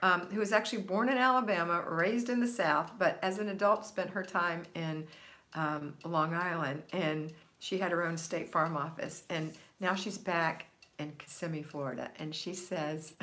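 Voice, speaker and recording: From her home in Florida, a woman hosts a casual livestream, reading viewer comments aloud and answering them upbeat and encouragingly. Her voice is lowish and fairly bright, animated yet a little slow.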